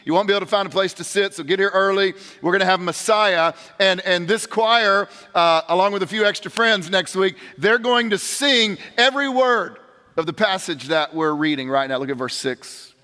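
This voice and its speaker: A man's voice: high voice, moderate pace, pushed and bright. A man pastor preaching a sermon in a large church, earnest and direct, often restarting words as he addresses the congregation. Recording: long hall reverb.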